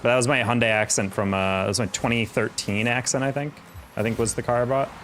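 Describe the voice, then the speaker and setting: A man's voice: mid-range voice, fairly even intonation, quick pace, a bit bright, faint music behind. A young man chatting casually on a live game stream, rambling and reacting to chat while he plays.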